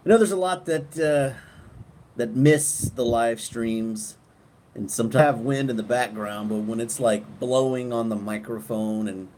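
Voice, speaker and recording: A middle-aged man rambles to viewers on a live stream outdoors at night. He drawls at an unhurried pace. Gusts of wind rumble against the microphone behind his voice. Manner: relaxed and rambling, chatting to viewers, trailing off and restarting. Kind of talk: casual live stream chat. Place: outdoors at night, windy, on a porch. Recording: wind noise on the mic outdoors.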